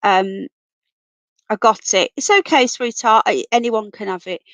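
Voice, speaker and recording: Woman with a husky failing voice. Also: a little high, lively intonation, normal speed, a bit bright, no echo. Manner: chatty, calls everyone darling and sweetheart. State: voice going, coming down with a cold. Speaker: livestream host. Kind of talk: casual live chat reading comments. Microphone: computer mic, off camera.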